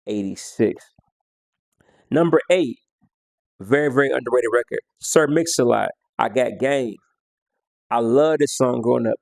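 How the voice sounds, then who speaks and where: A man's voice: mid-range voice, creaky, darkish tone, no echo. A man counting down his favorite songs in a casual, slangy way, half-singing lyrics and beats as he goes. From United States. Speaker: music vlogger.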